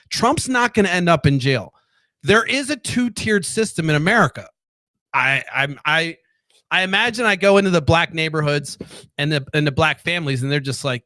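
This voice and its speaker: A sarcastic man rants loosely to his viewers, swearing freely and wandering off on tangents. His voice sits a bit higher than most men's. The sound is close and dry, with no room around it. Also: bright, forceful tone, dry recording. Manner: profane, rambling, sarcastic. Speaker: political commentary host. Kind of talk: casual solo rant to camera.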